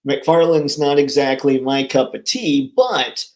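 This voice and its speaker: A man's voice: mid-range voice, slow, darkish tone. A man hosting a live stream about toy collecting, talking casually with viewers in an upbeat, jokey way.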